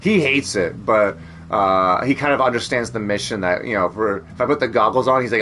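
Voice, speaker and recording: A man's voice: on the low side, brisk, bright, forceful tone, a little hiss or hum. A man chatting casually as a streamer, rambling, joking and swearing freely. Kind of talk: casual chat.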